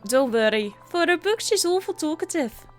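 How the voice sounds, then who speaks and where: A hearty young Scottish princess with a broad, overdone brogue, as a woman gamer puts her on. The voice sits high and lifts louder than her own talk, bold and spirited. Soft music plays behind her. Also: animated, normal speed. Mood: earnest. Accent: put-on Scottish. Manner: exaggerated hearty brogue, reading game dialogue aloud.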